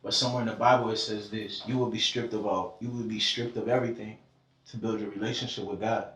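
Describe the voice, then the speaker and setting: A man's voice: fairly low pitch, level tone, fast talker, a bit bright. A man from Georgia, a podcast guest, talking in a fervent, preachy way and swearing freely in a casual heart-to-heart conversation. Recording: echoey room, distant mic.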